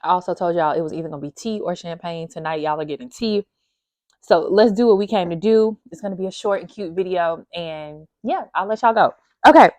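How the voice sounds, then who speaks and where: A woman's voice: fairly low pitch, fairly quick, darkish tone, no echo. A woman hosting her book channel, chatting expressively to viewers at home in her small apartment. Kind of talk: casual chat to camera.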